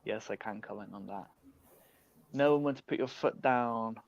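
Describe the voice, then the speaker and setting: A British man, a podcast guest, talking in a lively, animated way over a remote call. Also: fairly low pitch, normal speed, gravelly, dry recording. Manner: animated, acts out learners' inner voices. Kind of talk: casual chat. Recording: dull lo-fi call audio.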